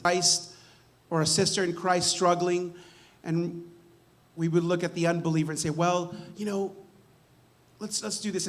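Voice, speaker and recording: A man preaching a church sermon in a casual, conversational way, often restarting words and checking in with "right?". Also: on the high side. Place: church sanctuary.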